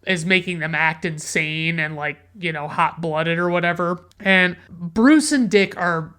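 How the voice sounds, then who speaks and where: A man's voice: on the high side, a little slow, bright, forceful tone, clean tone. A man giving a casual, rambling movie review, full of curse words and "like" and "you know," sounding incredulous and sarcastic. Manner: rambling, profane, heavy use of "like" and "you know".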